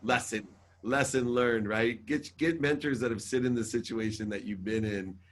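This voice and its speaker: A man, a guest in an interview, telling an emotional personal story in an animated, emphatic way. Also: medium pitch, moderate pace, a little hiss or hum. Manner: animated, emphatic, swears casually. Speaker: guest entrepreneur.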